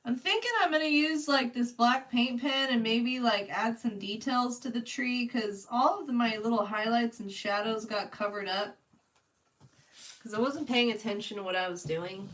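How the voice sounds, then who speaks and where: A woman chatting casually with her viewers while she paints on a live stream, answering them by name and laughing often. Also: a little high. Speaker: livestreaming artist. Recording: voice a bit distant from the mic.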